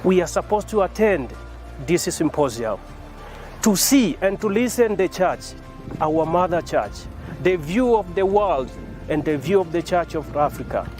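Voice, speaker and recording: A man's voice: sits high, expressive, a little slow, darkish tone, faint music behind. A man, a student preparing for the priesthood, speaking sincerely in simple phrases. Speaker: seminarian. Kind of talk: short interview clip.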